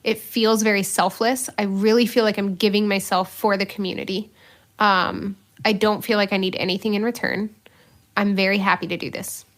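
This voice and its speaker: A religious sister co-hosts a podcast, telling a personal story in casual conversation with a medium-pitched, somewhat bright voice at a moderate pace and flat delivery. She comes across as earnest and self-mocking, using many fillers.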